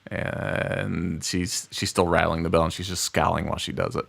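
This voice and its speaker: Male game master, very low voice, halting and easygoing as he narrates. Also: flat delivery, gravelly, fairly bright tone. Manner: halting narration with frequent "uh" and laughs.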